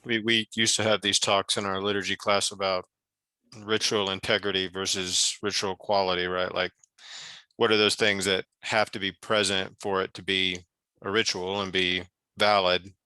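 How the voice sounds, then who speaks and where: Deep, flat, crisp-voiced man. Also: normal speed, dry recording, rough recording. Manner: casual, offhand. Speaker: class participant.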